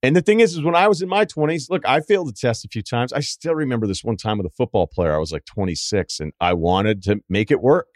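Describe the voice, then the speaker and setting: A man in his forties, a podcast host telling a story in casual chat, animated and jumping into loud impressions of people. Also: mid-range voice, quick pace, few pauses, dry recording, studio quality. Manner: animated, swings into loud mimicking voices.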